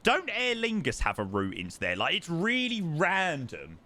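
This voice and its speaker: A man's voice: a little high, wildly swooping pitch, normal speed, sharp tone. A young man chatting casually to his live-stream chat while flying a simulator, repeating words for emphasis. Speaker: livestreamer.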